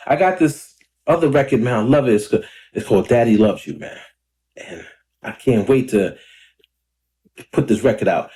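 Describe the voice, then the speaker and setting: A man in his thirties chatting casually to camera in a rambling, laid-back way, a little hoarse and clearing his throat often. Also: mid-range voice, animated, moderate pace, pauses often, warm tone. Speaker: independent rapper and vlogger. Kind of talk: casual talking-to-camera vlog. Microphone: camera or phone mic.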